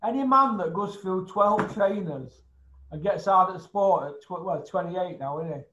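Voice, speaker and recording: A man's voice: high-pitched, normal speed, background noise. A man ranting bluntly in casual chat, swearing freely and tagging his points with questions. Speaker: show regular. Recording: roomy, slightly dull sound.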